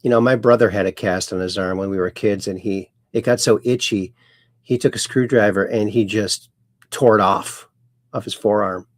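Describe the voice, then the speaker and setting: A man's voice: fairly low pitch, fairly even intonation, normal speed, no room sound, studio quality. A man hosting a casual livestream, reading viewer comments aloud and adding playful asides. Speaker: livestream host reading chat.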